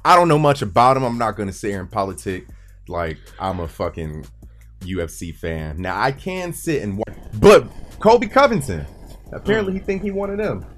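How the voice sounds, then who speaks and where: A man's voice: on the low side, very animated, normal speed, soft background music. A man hosting a loose, profane sports podcast, rambling through the week's news. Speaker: podcast host. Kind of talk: casual sports chat.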